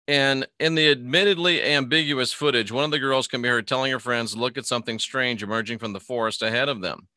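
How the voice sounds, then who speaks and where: Man, live stream host, bright forceful voice, rambling commentary, reads news aloud, dry close sound. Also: mid-range voice, brisk, hardly any pauses, dry recording. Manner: rambling, greets chat viewers by name mid-sentence. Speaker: host of a live Christian online show.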